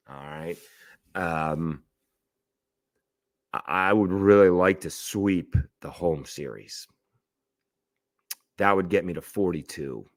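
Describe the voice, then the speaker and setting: A man's voice: sits low, no room sound, clean studio sound. A man hosting a solo sports talk show, thinking aloud over stats with fillers, restarts and rhetorical questions. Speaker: sports radio host.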